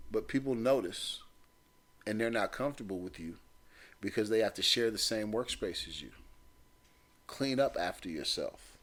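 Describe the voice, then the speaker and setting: Blunt streetwise man giving work advice. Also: fairly low pitch. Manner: blunt, streetwise, repeats points for emphasis. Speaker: podcast host. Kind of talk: casual advice talk.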